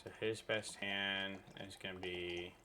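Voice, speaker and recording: A man's voice: low-pitched, flat delivery, unhurried, noisy background. A man casually commentating a card game he is playing, thinking aloud and reading the game text as he goes. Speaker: gaming channel host. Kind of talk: casual let's-play commentary.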